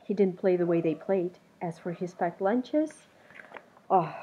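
Expressive woman reading a storybook. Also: on the low side, unhurried, husky. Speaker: narrator. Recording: dull muffled recording.

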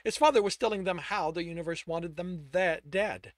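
A man's voice: high-pitched, moderate pace, no echo. A man reading his own novel aloud, now and then stopping to correct the text. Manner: stops to correct and comment on the text. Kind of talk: reading aloud while proofreading.

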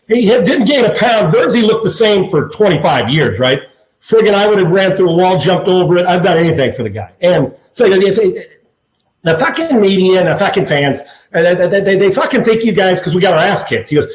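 A former football player in his fifties tells stories in casual chat, animated, swearing constantly and stammering through restarts. He has a high voice and a brisk pace, recorded with a roomy echo.

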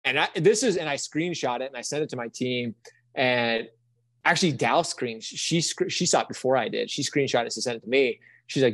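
A man's voice: medium pitch, brisk, no echo. Earnest young man telling a story. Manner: earnest, animated storyteller with many restarts. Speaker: guest. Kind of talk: storytelling interview chat.

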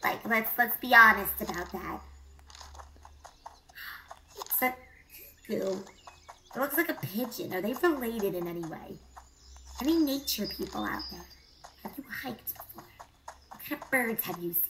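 A woman VTuber chatting casually as she plays, excitable and quick to squeal and gasp at the animals. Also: on the high side, a little hiss or hum, rough recording. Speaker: VTuber streamer. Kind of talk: casual gameplay commentary.

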